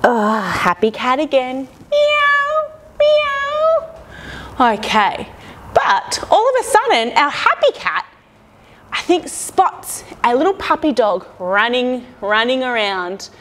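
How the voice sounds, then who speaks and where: A woman's voice: on the high side, big pitch swings, a little slow, a bit bright. A young woman leading a playful children's yoga lesson, guiding poses and making animal sounds. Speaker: kids' yoga instructor.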